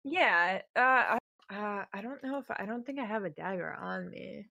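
A woman's voice: mid-range voice, expressive, moderate pace, gravelly, sharp tone. A woman playing a tabletop game, giggly and hesitant as she thinks aloud. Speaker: player.

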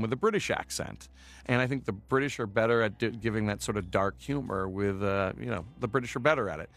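A film director giving a loose, rambling commentary track with lots of filler words. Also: male voice, mid-range voice, fairly bright tone.

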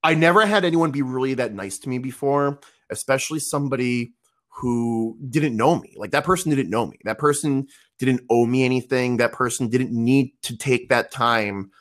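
A man's voice: medium pitch, moderate pace, fairly bright tone. A man in his thirties telling a casual story, rambling with lots of fillers and restarts. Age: 30s. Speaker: podcast guest.

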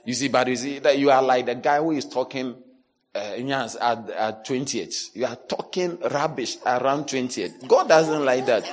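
Pastor guy preaching loud and animated, voice ringing around a big hall. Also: normal speed, some chatter behind. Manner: animated, swings from low asides to loud shouted lines, mimics complainers. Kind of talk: sermon. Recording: long hall reverb.

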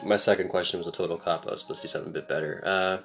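A young man co-hosting a casual chat, telling a long story in a relaxed, rambling way and acting out the quotes. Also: sits low, very fast, faint music behind. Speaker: podcast co-host.

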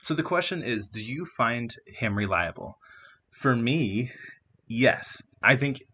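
A man's voice: medium pitch, expressive, takes it slowly, bright, forceful tone, husky, lo-fi sound. A young man casually discussing a novel, chatty with many fillers, sometimes acting out quotes. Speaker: discussion partner.

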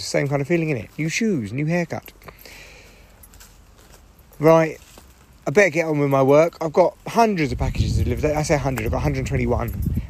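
A middle-aged man with a hoarse voice, chatting in a rambling, irritable way and swearing freely on a solo podcast recorded in a parked car. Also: on the high side, noisy background. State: hoarse from shouting. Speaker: podcast host.

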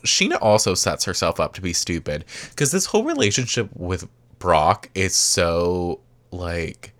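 Chatty low-voiced male podcast host. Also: a bit bright. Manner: chatty, peppered with "like", swinging pitch. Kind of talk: casual reality TV recap.

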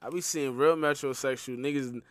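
A man's voice: mid-range voice, steady tone, a little fast, dry recording. A young man co-hosting a casual podcast, chiming in with short replies and laughs. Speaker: podcast co-host. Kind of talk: casual chat.

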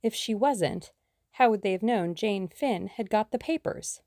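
A woman reading the lines of a brisk, bossy young woman sleuth in an audiobook, speaking emphatically and decisively. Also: medium pitch, warm tone, no room sound, clean studio sound, pitched above the performer's own voice, close to an everyday voice.

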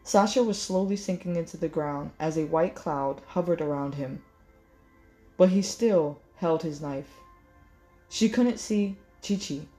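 A woman reading a novel aloud in measured storytelling, correcting small slips as she goes. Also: sits low, mellow, soft background music. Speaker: audiobook reader.

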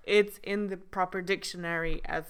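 A woman's voice: fairly low pitch, steady tone, moderate pace, clean tone. A woman co-hosting a casual podcast chat, playful and giggly as she reads definitions aloud. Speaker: podcast co-host.

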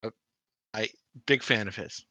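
A man co-hosting a podcast, answering quiz questions in casual chat, blunt and quick to swear and laugh. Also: lowish voice, sharp tone, no echo, lo-fi sound. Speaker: podcast co-host.

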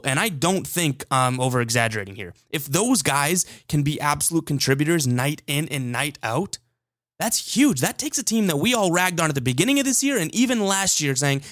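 A man hosts a sports podcast, talking casually and animatedly with strong opinions and often restarting his sentences. His voice is fairly high and his pace moderate. The studio-quality recording is dry.

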